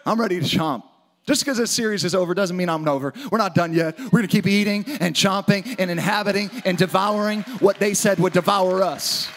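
A man preaching an energetic sermon to a church audience, often shouting for emphasis. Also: high-pitched, fairly quick. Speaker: pastor. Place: church auditorium with live audience.

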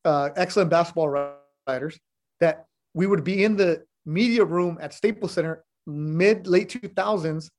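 Middle-aged sports guy on a podcast, fairly high voice, blunt, animated, swears a bit. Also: normal speed. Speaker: sports broadcaster, podcast guest. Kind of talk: casual chat.

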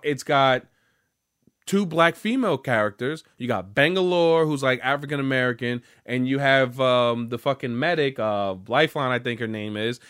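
A man's voice: mid-range voice, fairly bright tone. A young man ranting casually as a gaming vlogger, rambling and profane.

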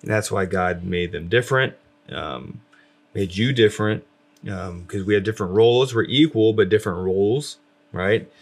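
A man's voice: lowish voice, moderate pace. A man talking casually about faith with his wife, rambling with lots of fillers and restarts. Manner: rambling, many fillers, self-described loud.

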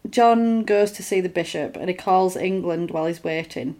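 A woman in casual conversation, retelling a film's plot with animated bits of acted dialogue. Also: lowish voice. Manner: animated retelling, acts out lines in quick put-on voices; conversational, with fillers and restarts. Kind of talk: casual film recap chat.

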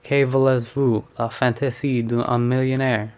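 A man's voice: mid-range voice, flat delivery, measured pace, darkish tone, natural voice. A man reading as an amused painter friend. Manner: teasing, amused. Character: cheerful worldly male painter friend. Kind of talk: audiobook reading.

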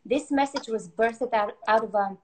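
A woman's voice: a little high, moderate pace. Bulgarian-accented woman pastor, upbeat. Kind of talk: casual chat.

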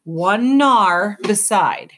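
A woman voicing a proud female bat who speaks in a gleeful, crisp way in an audiobook. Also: medium pitch, animated, drawn-out words, a bit bright, slight background noise, pitched above the performer's own voice. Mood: gloating. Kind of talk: audiobook character voice.

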